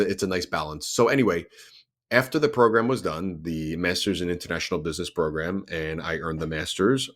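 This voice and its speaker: A man's voice: low-pitched, fairly bright tone. A young adult man hosting a solo podcast, talking earnestly and explaining things step by step, often restarting his sentences. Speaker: podcast host.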